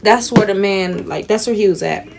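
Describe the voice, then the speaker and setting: A woman's voice: medium pitch, moderate pace, gravelly, noisy background. A young woman, casually telling a swear-filled story in her vlog and acting out the people in it. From Houston, Texas. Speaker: vlogger. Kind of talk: casual storytime while taking down braids.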